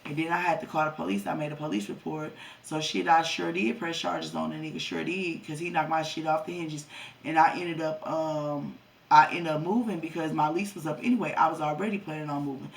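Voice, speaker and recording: A woman's voice: sits low, steady tone, a little fast, creaky, far from the mic. A woman in her twenties telling a personal story to her viewers, blunt and heavily profane. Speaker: vlogger. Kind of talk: storytime vlog.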